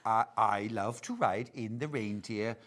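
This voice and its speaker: A cheerful reindeer, put on by a man in a deliberately clumsy Scandinavian lilt. The delivery is playful and exaggerated, sing-song in its rise and fall. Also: lowish voice, a bit bright, voice pushed down.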